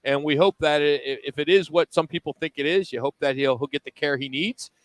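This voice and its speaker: A man's voice: a little high, a little fast, poor audio. A man hosting a live sports radio show, chatting upbeat and loose with plenty of fillers. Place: broadcast from a restaurant.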